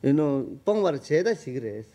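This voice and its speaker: A man teaching a text, explaining grammar word by word in a halting, repetitive way. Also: on the high side, big pitch swings, warm tone. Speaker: Tibetan language teacher. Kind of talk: casual text-study session.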